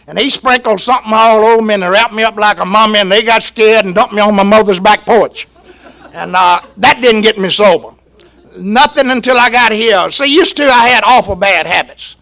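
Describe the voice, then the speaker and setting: A man's voice: sits high, pushed and bright. An older man from Georgia, telling his recovery story to an AA gathering in a folksy, chuckling way. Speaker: AA speaker. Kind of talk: recovery talk to a crowd.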